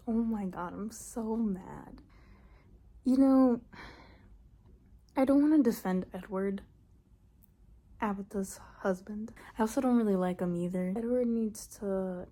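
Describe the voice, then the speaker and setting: A woman's voice: mid-range voice, a little slow, long pauses, husky. Chatty young woman recapping a book. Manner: chatty, exasperated, animated retelling. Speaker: book vlogger.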